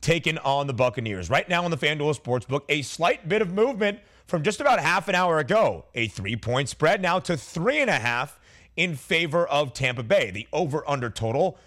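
A man hosting a sports betting radio show, brisk and teasing. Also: on the high side, sing-song, a bit bright.

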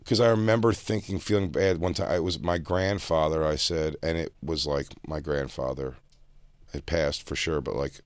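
A man co-hosting a podcast, trading crude, animated jokes and laughing often in casual banter. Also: a bass voice, moderate pace, no echo, studio quality. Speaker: podcast co-host.

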